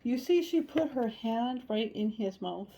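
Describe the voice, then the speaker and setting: A woman giving a casual tarot reading, chatty and animated, blunt, and she swears now and then. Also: fairly high pitch, unhurried, poor audio. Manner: chatty and animated, acts out inner voices. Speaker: tarot reader.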